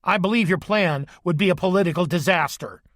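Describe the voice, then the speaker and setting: A man's voice: a little fast, a bit bright, dry recording. A pushy, sarcastic chief of staff who needles in a lifted, sharper voice, as a man reads him aloud. The recording is close and dry. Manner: sarcastic, needling, raised pitch.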